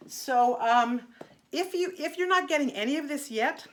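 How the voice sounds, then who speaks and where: A woman's voice: high-pitched, moderate pace. A middle-aged woman teaching an online singing lesson, chatty and encouraging, breaking off into sung vocal exercises.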